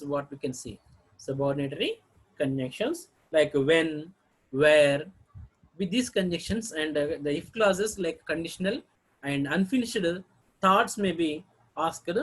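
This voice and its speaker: Husky-voiced man teaching intonation. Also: fairly high pitch, low-quality recording. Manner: demonstrates example sentences twice, clears throat often. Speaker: English teacher. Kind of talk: recorded lecture on intonation.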